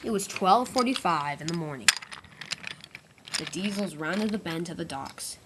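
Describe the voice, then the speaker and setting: A woman's voice: on the low side, animated, moderate pace, very noisy. A woman narrating a homemade toy-train story in a casual way, with small slips and restarts.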